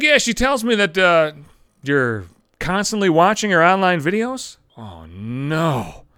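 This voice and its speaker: A man's voice: high-pitched, fairly bright tone, no room sound, studio quality. A young man hosting his own podcast, telling a story in a profane, exasperated comic rant. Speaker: podcast host. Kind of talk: solo comedic podcast rant.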